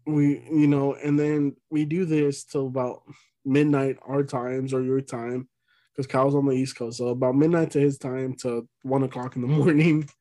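A man's voice: medium pitch, flat delivery, normal speed, mellow, dry recording. A man in his twenties co-hosting a podcast, laid-back and laughing often, swearing freely in casual chat. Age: 20s. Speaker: podcast co-host.

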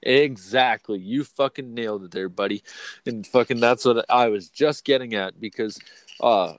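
At normal speed and medium pitch, a thirty-something man co-hosts a podcast, keeping the casual chat rambling, profane and full of laughs.

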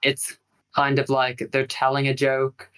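A man in his late twenties co-hosting a relaxed film review podcast. He talks in a loose, searching way, leaning on "like" and "you know what I mean" as he works out his point. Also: mid-range voice, unhurried, smooth. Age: late 20s. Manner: loose, searching phrasing full of "like". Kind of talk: casual film review chat.

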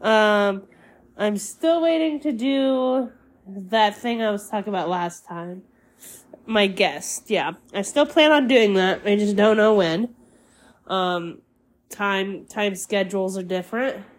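A young woman chats alone on her podcast, slow and unhurried, her voice a little congested. She rambles easily through fillers at a middling pitch. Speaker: podcast host. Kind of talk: casual solo podcast chat.

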